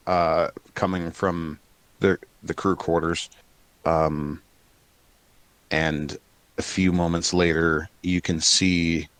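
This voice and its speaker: A man narrating a tabletop game as game master, relaxed and rambling with many fillers. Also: low-pitched, no echo.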